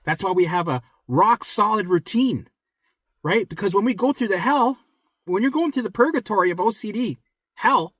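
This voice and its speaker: A man talking straight to viewers as a recovery coach, blunt and profane, repeating himself for emphasis and dropping to a soft low voice when reassuring. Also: animated, moderate pace, no room sound, studio quality. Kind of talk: direct motivational talk to viewers.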